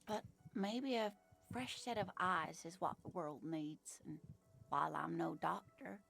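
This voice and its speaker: A woman's voice: on the low side, measured pace, gravelly, fairly bright tone, faint music behind, full character voice. An actress voicing an elderly, condescending woman in a video game, sweetly patronizing and calling the listener dear. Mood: reassuring. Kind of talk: game voice acting.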